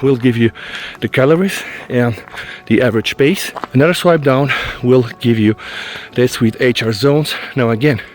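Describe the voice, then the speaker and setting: A man's voice: mid-range voice, normal speed, few pauses. Panting man reviewing gear on a hike. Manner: chatty, addresses viewers as guys. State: out of breath from fast walking. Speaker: tech reviewer. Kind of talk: casual walk-and-talk review. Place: outdoors on a forest trail.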